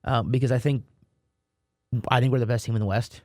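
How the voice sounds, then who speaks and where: A man's voice: medium pitch, fairly even intonation, brisk, darkish tone, dry recording, studio quality. A man co-hosting a sports podcast in casual chat, rambling and repeating words, with self-mocking asides. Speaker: podcast co-host.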